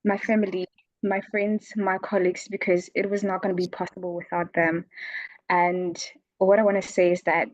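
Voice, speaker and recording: Woman from south africa accepting an award on a video call, low flat voice, emotional, dull dry audio. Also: normal speed, no echo. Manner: emotional, near tears. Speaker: award winner.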